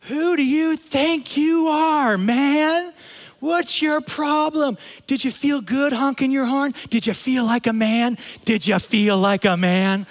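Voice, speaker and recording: A male pastor acting out an angry woman driver who yells mocking taunts, in a large hall with long reverb. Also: takes it slowly. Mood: taunting. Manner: shrill, mocking yelling.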